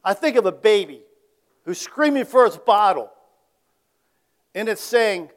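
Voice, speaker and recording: High-voiced man preaching with rhetorical questions. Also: lively intonation, measured pace, pauses often. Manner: conversational, asks the audience rhetorical questions; varies loudness, dropping to quiet tag questions. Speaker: pastor. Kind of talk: sermon.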